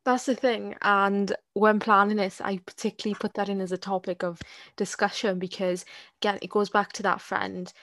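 A woman's voice: medium pitch, level tone, normal speed, a bit bright. A woman co-hosting a casual discussion podcast, talking in a hesitant way with many restarts and repeated words. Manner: hesitant, repeats words, frequent "you get what I mean". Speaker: podcast co-host.

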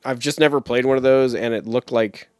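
A man's voice: medium pitch, a little fast, clean tone, dry recording, studio quality. A young man co-hosting a casual podcast chat, rambling and swearing as he talks. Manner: animated, rambling, swears often. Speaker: podcast co-host.

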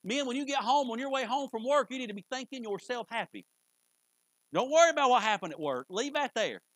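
A man preaching in a high, bright-edged voice, folksy and conversational, now and then jumping into loud bursts. The sound is close and dry, with little room around it. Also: expressive, brisk, no echo, low-quality recording. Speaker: pastor. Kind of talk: sermon. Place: church sanctuary.

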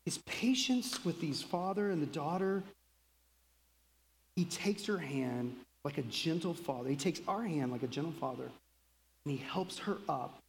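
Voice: mid-range voice, unhurried, creaky, long reverb tail, slight background noise, rough recording. Pasteur à l'canadien, prêche sur un ton de conversation, longue réverbération d'une salle d'église. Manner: conversational, acts out quotes in lively voices. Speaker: pastor. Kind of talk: sermon.

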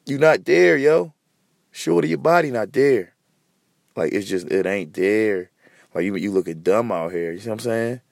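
A man's voice: lowish voice, animated, moderate pace, creaky, a little mellow, no echo, clean studio sound. A man hosting a podcast in a heated, profane, repetitive rant. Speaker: podcast host.

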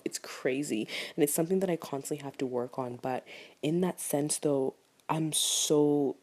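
Very low-voiced husky young woman. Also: a little mellow. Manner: rambling, heartfelt, self-critical, many "like" fillers. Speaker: vlogger. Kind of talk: candid personal talk to camera.

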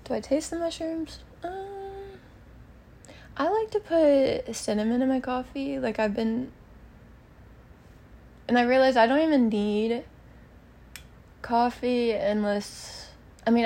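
Slow, gravelly-voiced woman rambling. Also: medium pitch, darkish tone. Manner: meandering, casual, thinks aloud with many fillers. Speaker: podcast host. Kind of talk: rambling solo podcast chat. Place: bedroom at her mother's house.

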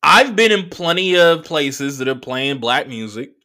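A man in his thirties from the Bay Area talks through a solo podcast episode, storytelling with loose profanity and mocking voices. His voice sits fairly high for a man and swings widely in pitch. The tone is bright and edged. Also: lively intonation, a little slow. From San Francisco Bay Area. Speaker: podcast host.

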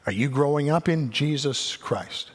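A man's voice: on the high side, measured pace, breathy edge. A man preaching a sermon as pastor, swelling to emphatic peaks and acting out the voices of doubting listeners.

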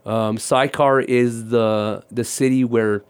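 A man's voice: medium pitch, slow, clear, resonant tone. A man, a ministry guest, telling his personal testimony and acting out the conversations in it. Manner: animated storyteller acting out dialogue.

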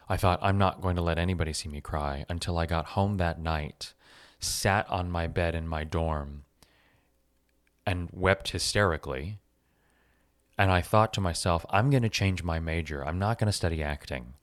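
A man with a low, deep voice tells a personal story with animated, self-mocking energy and casual swearing. The sound is dry and close, with almost no room around him. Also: no echo. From Los Angeles.

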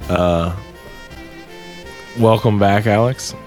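A man hosting a podcast in an easygoing casual chat, reading a sponsor plug with a loose, drawn-out delivery. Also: lowish voice, darkish tone, faint music behind. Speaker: podcast host.

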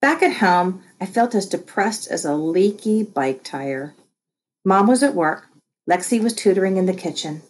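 A woman reading a first-person children's novel aloud with wry, expressive storytelling. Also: fairly low pitch, slightly rough. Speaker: audiobook reader. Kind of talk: first-person scripted narration.

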